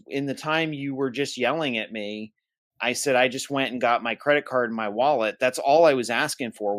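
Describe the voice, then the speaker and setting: In a mid-range, slightly bright voice with no echo, a man co-hosting a podcast casually retells a tense phone call, quoting each party in his own voice as he tells the story.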